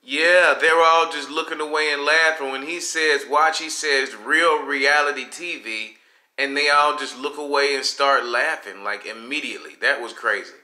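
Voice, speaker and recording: A man's voice: a little high, fairly even intonation, moderate pace, few pauses, bright, forceful tone, reverberant. A man hosting a live stream, talking casually and bluntly and reading viewer comments aloud.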